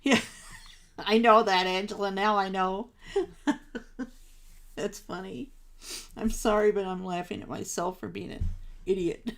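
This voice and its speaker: A woman's voice: medium pitch, slow, gravelly, long pauses, a bit bright. A woman hosting a live crafting stream, chatting casually with viewers, gushing over supplies and laughing at herself. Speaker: craft livestream host.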